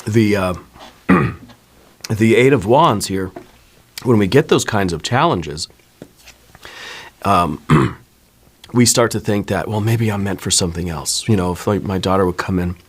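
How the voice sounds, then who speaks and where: A man giving a relaxed spoken tarot reading, reflective and conversational, often adding "you know" and "right.". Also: lowish voice, takes it slowly, long pauses, slightly rough. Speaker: tarot reader.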